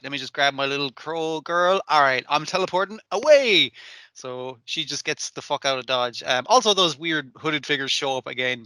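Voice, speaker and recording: A man co-hosting a podcast, chatting casually about anime, animated and swearing a lot as he acts out scenes. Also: a little high, no echo. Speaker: podcast co-host. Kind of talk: casual chat reviewing anime.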